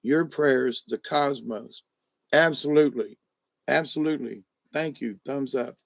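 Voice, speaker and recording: A man's voice: medium pitch, measured pace, creaky, no echo. A man recovering at home, lying in a rest position and a little wired on steroids, giving a casual, rambling, upbeat video update full of restarts. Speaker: vlogger. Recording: dull, lo-fi, dry sound.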